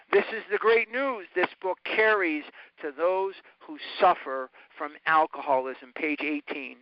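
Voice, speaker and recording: Man, high voice, teaching a recovery group, emphatic, dry dull phone-call sound. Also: dry recording. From north side of Chicago. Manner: earnest, repetitive, emphatic teaching. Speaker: recovery study leader. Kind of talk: talk to a recovery study group.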